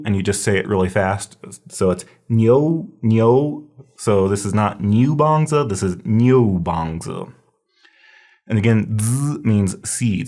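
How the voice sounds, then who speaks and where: Low-voiced man teaching a herb review. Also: a little mellow. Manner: explanatory, repeats terms slowly to drill pronunciation. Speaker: herbology instructor. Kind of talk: recorded review lecture.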